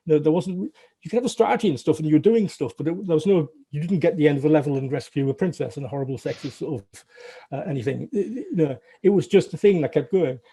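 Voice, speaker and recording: A middle-aged man from Northern England, a former games programmer, recalls the past as a guest in a casual interview. His mellow, husky voice sits a little high, and he talks fast, full of restarts and wry, self-deprecating humour.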